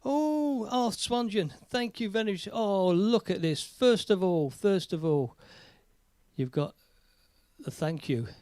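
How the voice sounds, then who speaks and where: An English man rambles cheerfully as he hosts his own music live stream, cracking jokes between songs. His voice sits a little high and sounds close and dry. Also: lively intonation, slow, darkish tone, clean tone, dry recording. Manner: chatty, rambling, jokey. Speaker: live stream host and singer. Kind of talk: casual live stream chat.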